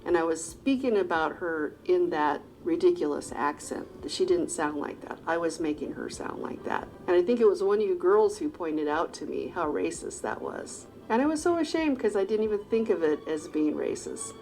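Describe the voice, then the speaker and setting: Middle-aged woman telling a steady story. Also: on the low side, normal speed, few pauses, soft background music, poor audio. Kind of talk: telling a personal story in an interview.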